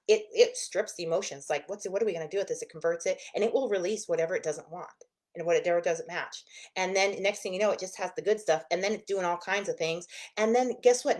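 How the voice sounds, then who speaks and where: A woman therapist with a slightly low-pitched voice explains ideas in loose, casual teaching talk. She is expressive and keeps slipping into little acted-out inner voices to make her point. Her delivery stays conversational and unscripted throughout. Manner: expressive, acts out inner voices in quick asides.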